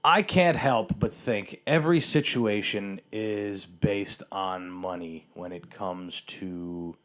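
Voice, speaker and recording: The podcast host, a man with a lowish, clean-toned voice, delivers a rambling solo rant full of sarcasm and swearing. Hiccups interrupt him as he leans on fillers and starts his sentences over.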